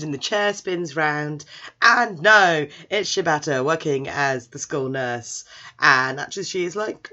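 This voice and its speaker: A woman casually retelling a story in an animated, chatty way, full of asides. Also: low-pitched, normal speed, highs cut off. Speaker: anime recap storyteller.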